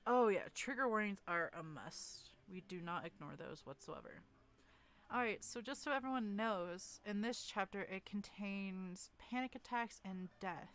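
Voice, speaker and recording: A woman's voice: medium pitch, expressive, measured pace, fairly bright tone. Giggly woman streamer chatting casually. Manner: giggly and self-deprecating, laughs often between lines; stumbles and restarts her words. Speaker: streamer hosting a group fanfic reading. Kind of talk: casual livestream chat.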